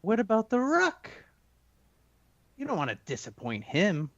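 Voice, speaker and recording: A man's voice: high voice, huge pitch swings, measured pace, dry recording. Wry man, muffled mic. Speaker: player. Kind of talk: casual tabletop play. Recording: dull, lo-fi mic.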